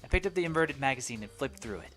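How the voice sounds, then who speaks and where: A woman's voice: a bass voice, fast talker, faint music behind. A woman co-hosting a game playthrough, chatting and reading the story lines aloud in playful voices. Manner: playful, reads dialogue in lively put-on voices. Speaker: let's play co-host.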